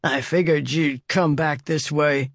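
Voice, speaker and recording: A man's voice: a little high, steady tone, unhurried, fairly bright tone, no echo, studio quality. A man voicing a wounded, desperate male bandit with a ruined face in an audiobook, slurring and snarling his threats. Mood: menacing. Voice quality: slurred, gravelly. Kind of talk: audiobook character voice.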